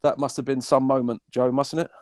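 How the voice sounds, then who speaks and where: A man's voice: mid-range voice, level tone, brisk, a little mellow. A man from Northern Ireland hosting a casual interview, with a matey, joking manner and a habit of saying "mate".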